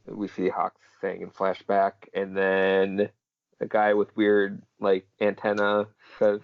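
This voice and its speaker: Sex: man. Role: podcast co-host. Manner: steady, matter-of-fact recap. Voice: low. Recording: dry and lo-fi. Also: measured pace, no echo. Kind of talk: summarizing a comic chapter aloud. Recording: dry, dull lo-fi audio.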